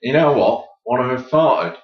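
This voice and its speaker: A man's voice: mid-range voice, animated, normal speed. A stubborn man plays a matter-of-fact gravedigger in an improvised comedy sketch. His voice echoes around a roomy space. The recording has a dull, lo-fi demo sound.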